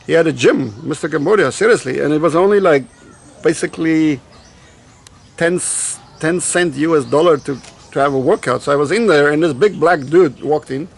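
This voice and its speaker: A man's voice: fairly high pitch, normal speed, creaky. A man from Africa, telling personal stories casually, swearing freely and drifting off on tangents. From South Africa. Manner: swears freely, digresses, retells dialogue. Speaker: vlogger. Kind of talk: casual storytelling.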